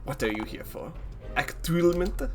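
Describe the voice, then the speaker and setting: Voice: mid-range voice, expressive, moderate pace, a little mellow, soft background music, natural voice. A streamer doing a grumpy French repairman. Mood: irritated. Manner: clumsy mock-French with curses. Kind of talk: playful reading of a game aloud.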